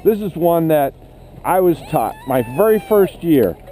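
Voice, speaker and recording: A man's voice: a little high, big pitch swings, unhurried, warm tone, slight background noise. A man leading an instructor training session, asking the group questions and telling stories. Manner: conversational, asks the group questions, tells anecdotes. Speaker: ski instructor.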